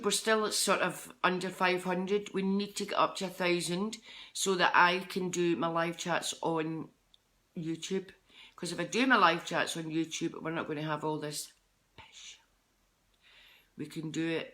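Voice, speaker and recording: A woman's voice: sits low, a bit bright. A middle-aged Scottish woman, a psychic medium, chatting with viewers on a live stream in a rambling, chatty way. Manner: chatty, rambling, jumps between topics.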